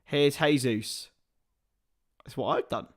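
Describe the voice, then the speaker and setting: A man hosting a live football watchalong, mixing match commentary with casual chat to his viewers. He swears, calls them lads and bursts into loud excited calls. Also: mid-range voice, slow.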